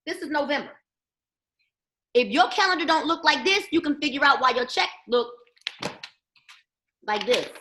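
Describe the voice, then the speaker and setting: A woman with a high, bright voice delivers an emphatic motivational training talk, preaching and quizzing her listeners. Her voice carries a crisp edge and rings around an echoey indoor room. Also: expressive, moderate pace, long pauses. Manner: emphatic, preachy, asks the audience questions. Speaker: network marketing trainer.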